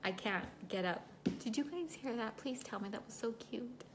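A woman's voice: a little high, normal speed, slight background noise. Chatty woman livestreaming while doing makeup. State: emotional, recovering from a broken foot. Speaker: livestream host. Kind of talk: casual livestream chat.

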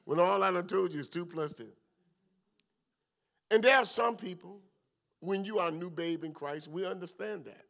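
A man pastor teaching a midweek Bible study, an animated preaching manner that swings from loud bursts to low asides. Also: moderate pace, creaky, long pauses.

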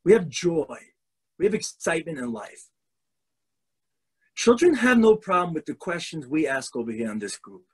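A man, a rabbi, telling a story in a lecture over a video call, animated and shifting voices for characters. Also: fairly high pitch, moderate pace, long pauses, slightly rough.

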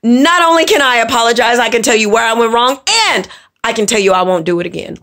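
A woman's voice: on the high side, fast, fairly bright tone, a little hiss or hum. A woman ranting to camera as a vlogger, blunt and profane, scolding and repeating words for emphasis. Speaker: vlogger and makeup teacher. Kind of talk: angry casual rant to camera.

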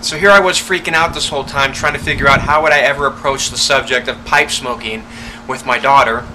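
A father telling an amused, animated story to the camera in a casual vlog. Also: medium pitch, a little fast, background noise. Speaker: father and pipe smoker.

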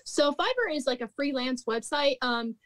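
A woman with a somewhat high voice tells stories from her restaurant days. Her talk is loose and chatty, full of "like", with frequent laughter. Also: expressive, normal speed. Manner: chatty, peppered with "like", laughs often. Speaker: guest, former restaurant manager. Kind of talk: casual storytelling chat.

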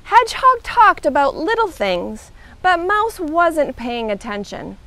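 Librarian lady reading a kids story, slow and sing-songy, high voice, dry close sound. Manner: animated, expressive read-aloud.

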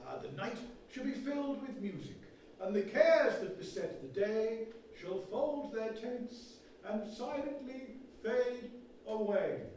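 A man's voice: very high voice, animated, slow pace, darkish tone, slight background noise, full character voice. A man playing an earnest, fussy 1920s radio announcer in a comic one-man stage play, with a pompous, formal manner. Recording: echoey hall, far from mic.

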